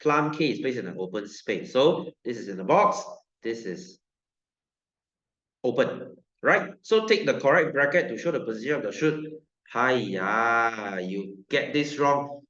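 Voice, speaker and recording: A man's voice: medium pitch, lively intonation, a little slow, a bit bright, echoey room, muffled recording. A man with a Malaysian English accent teaching a science class, chatty and joking, laughing often and slipping into Malay.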